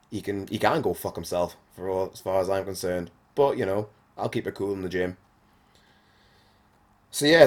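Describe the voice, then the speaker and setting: Deep-voiced sweary man. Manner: blunt and sweary, frequent fillers. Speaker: podcast host. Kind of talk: casual monologue.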